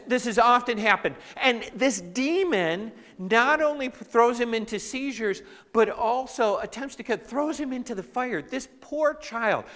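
Animated preacher in a reverberant hall. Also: male voice, sits high. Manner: animated preaching, with asides to the congregation. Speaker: pastor. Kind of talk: sermon.

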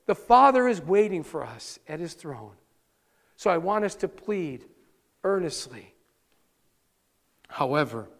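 A male pastor preaching a sermon live, earnest and animated, often restarting his words. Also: on the high side, creaky, long reverb tail. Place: church sanctuary, live-streamed service.

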